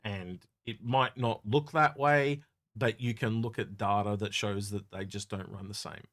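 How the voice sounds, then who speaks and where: A low-voiced man co-hosting a casual gaming Q&A, talking in a loose, rambling way that turns animated when an idea grabs him. His voice sounds close and dry, with almost no room around it. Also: unhurried, dry recording. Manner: rambling, animated, laughs easily. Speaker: co-host of a game Q&A show. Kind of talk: casual podcast chat.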